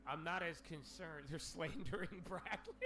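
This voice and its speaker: A man hosting a casual livestream, ranting in an animated, profane way with lots of slang. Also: on the high side, measured pace, noisy background. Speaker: livestream host.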